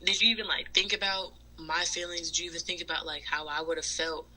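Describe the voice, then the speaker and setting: A woman's voice: on the low side, steady tone, fast, bright, forceful tone, rough recording. A woman co-hosting a podcast, talking candidly in a rambling way with lots of fillers. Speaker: podcast co-host. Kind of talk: casual chat.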